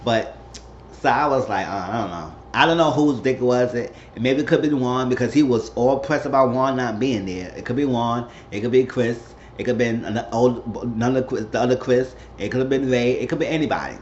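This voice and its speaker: A man's voice: mid-range voice, brisk, darkish tone. A man casually recapping a reality show, rambling and acting out what people said. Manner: rambling, acts out quotes. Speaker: recap vlogger. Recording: dull roomy home recording with faint hum.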